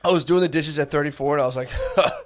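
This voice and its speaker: A man's voice: a little high, fast talker, background noise. A man in casual podcast chat, giggling through a story and quoting his younger self with plenty of swearing. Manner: giggly, profane, quotes himself.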